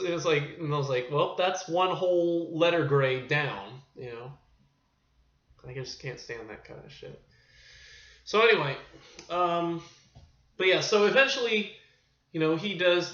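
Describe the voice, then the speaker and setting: A man's voice: fairly high pitch, bright, forceful tone. A man reviewing a film in a casual, rambling monologue, often losing his thread. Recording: echoey room, dull lo-fi sound.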